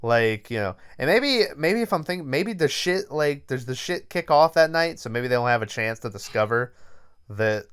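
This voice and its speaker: A man's voice: mid-range voice, lively intonation, normal speed, a bit bright, smooth. A young man, a podcast co-host, telling long rambling stories with lots of fillers and swearing in casual movie chat.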